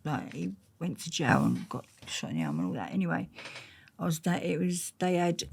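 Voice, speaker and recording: A woman's voice: on the low side, fairly quick, gravelly, slightly rough. A woman, a guest telling blunt, slangy stories in an interview. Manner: blunt, slangy, animated storyteller. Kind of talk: storytelling in an interview.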